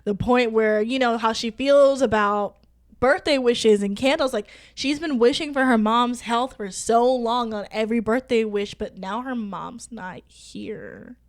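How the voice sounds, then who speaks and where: A woman with a fairly high voice recaps a book in casual chat. She tells the story in an animated way, slipping into the characters' lines as she goes. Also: unhurried. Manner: animated, storytelling recap with laughter and acted quotes. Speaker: podcast co-host.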